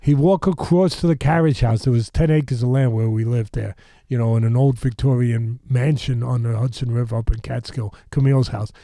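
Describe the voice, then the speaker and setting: A man in his sixties from New York, a boxing trainer who is a podcast guest, telling animated stories with rambling asides. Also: medium pitch, brisk, few pauses, no echo, studio quality. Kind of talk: animated storytelling.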